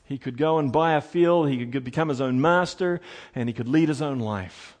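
A man preaching a sermon, animated and emphatic, moving between quiet asides and loud, lively passages. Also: mid-range voice, moderate pace. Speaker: pastor.

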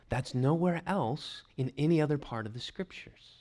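A man preaching a teaching sermon, lively, putting on voices for quick asides and clearing his throat now and then. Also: on the high side. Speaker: pastor.

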